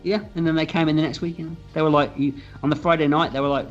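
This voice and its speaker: A film director telling stories from the set in a casual, animated interview, acting out quotes and swearing freely. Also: male voice, a little high, racing. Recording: slightly dull audio with faint music.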